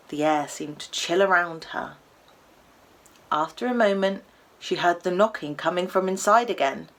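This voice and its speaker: A woman, the author, reading her children's book aloud in an expressive storybook style, hushing at tense moments and rising with suspense. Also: lowish voice.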